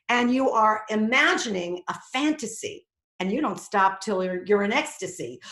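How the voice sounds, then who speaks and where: Brief: woman acting coach, lively lecture voice, roomy echo. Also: medium pitch, moderate pace. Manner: animated, acts out quoted inner voices. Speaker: acting teacher. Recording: echoey room.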